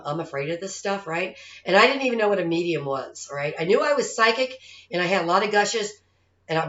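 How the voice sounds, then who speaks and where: A woman's voice: lowish voice, a bit bright. A middle-aged woman telling a personal story in a chatty way, often checking in with "all right?" and "okay?". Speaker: psychic medium. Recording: slightly muffled, echoey room.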